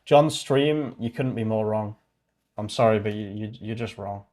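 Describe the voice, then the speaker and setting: On a laid-back livestream, a British man with a fairly low, slightly mellow voice talks at a moderate pace. He thinks aloud while working, muttering, rambling, and revising his words as he goes.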